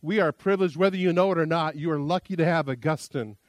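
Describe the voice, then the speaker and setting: A man's voice: on the high side, fast, dry recording. A man preaching a sermon as pastor, a chatty, self-deprecating storyteller who often restarts his sentences.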